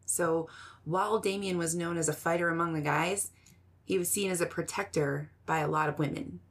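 A woman hosting a podcast, giving measured, scripted true-crime narration. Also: fairly low pitch, fairly even intonation, slightly rough.

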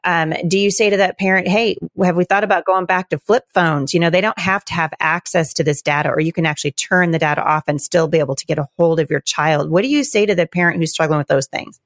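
A woman's voice: lowish voice, fast, few pauses, no room sound, clean studio sound. A woman hosting a podcast interview who asks questions and speaks passionately about parenting. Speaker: podcast host.

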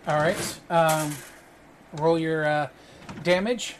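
A man narrating as game master for a tabletop role-playing game, relaxed and full of fillers. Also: on the high side, takes it slowly, a little hiss or hum.

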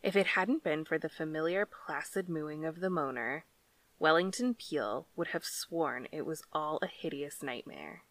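A woman reads a story aloud at an unhurried, careful pace. Her voice sits a little low, and the recording is close and dry, with no room sound at all. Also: fairly bright tone, dry recording. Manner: measured, deliberate reading. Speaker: audiobook narrator. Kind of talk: scripted story narration.

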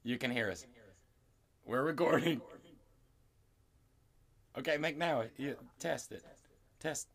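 A man's voice: mid-range voice, takes it slowly, creaky, long pauses, a bit bright. A man co-hosting a podcast, rambling through a movie recap with frequent swearing and laughter. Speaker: podcast co-host. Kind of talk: casual profane banter and movie recap.

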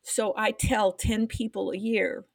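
A woman's voice: mid-range voice, little pitch movement, measured pace, gravelly. An older woman, a podcast co-host, telling an emotional personal story in casual chat, trying to hold back tears.

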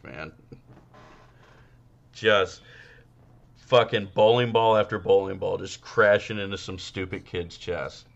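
A man's voice: deep voice, creaky, a bit bright, highs cut off. A man co-hosting a podcast, chatting crudely and rambling with many fillers. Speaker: podcast co-host. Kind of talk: casual comedic chat.

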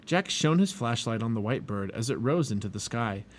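A man reading a children's storybook aloud in an expressive, lively way. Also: mid-range voice, moderate pace. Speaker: storybook reader.

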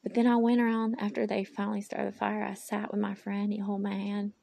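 Gravelly, husky woman talking to herself. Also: medium pitch, completely flat delivery, brisk, dark tone. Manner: candid, rambling, talks to herself aloud; faith-filled, speaks of God. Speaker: podcast host. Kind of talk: personal podcast monologue. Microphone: phone.

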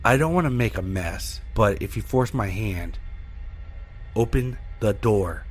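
A gruff home intruder talks through a door with cool, lightly amused menace, as a narrator puts him on. His voice sits low and steady in a scripted horror story, with faint music behind it. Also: unhurried. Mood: menacing.

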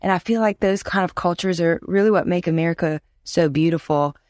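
A woman in her thirties from Louisiana, talking as an interview guest. Her voice sits on the low side, and the sound is dry and close. She tells stories with energy and puts on the voices of the people she quotes. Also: fairly quick, no echo. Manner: animated storyteller, acts out quoted voices. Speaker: guest musician. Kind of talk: casual interview chat.

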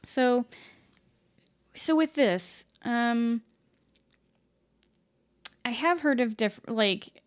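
A woman's voice: on the high side, extremely slow, pauses often. A woman casually telling a ghost story at home, rambling with many fillers, self-corrections and casual swearing. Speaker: podcast host.

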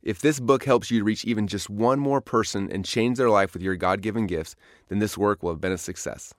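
Fast-reading man, dry studio voice. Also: on the low side, dry recording. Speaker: author reading his own book. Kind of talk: audiobook narration. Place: recording studio.

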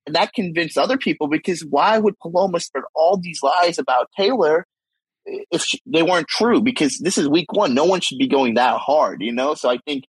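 Husky man musing on a podcast. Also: a little high, animated, moderate pace, no echo, low-quality recording. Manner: thoughtful, rambling, frequent restarts. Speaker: podcast co-host. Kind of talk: casual podcast discussion.

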